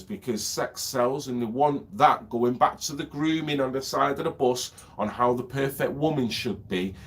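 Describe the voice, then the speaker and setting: A man, a vlogger with a lingering cough, rambling and ranting, swearing freely and asking if you know what he means. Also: medium pitch. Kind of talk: rambling monologue.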